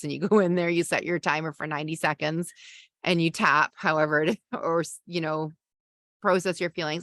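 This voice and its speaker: A woman's voice: on the low side, fairly even intonation, moderate pace, a bit bright, no room sound. A woman hosting a live parenting masterclass, reading viewer questions and answering them in a loose, conversational way. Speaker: parenting coach and podcast host.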